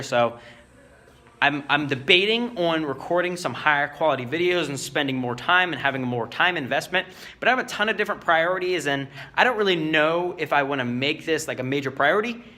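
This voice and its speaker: A man's voice: fairly high pitch, sharp tone. A man talking casually to his viewers in a vlog and coaching them on sales in a loose, chatty way, full of fillers. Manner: coaching, talks straight to viewers. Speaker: vlogger giving sales advice.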